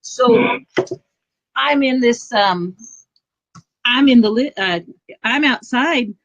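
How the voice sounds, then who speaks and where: A middle-aged woman, a podcast guest, telling a personal story in a lively way, acting out what people said with sudden loud bursts. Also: fairly high pitch, slow, no echo, muffled recording. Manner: animated, acts out quoted speech with sudden loud outbursts. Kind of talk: conversational storytelling. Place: travel trailer.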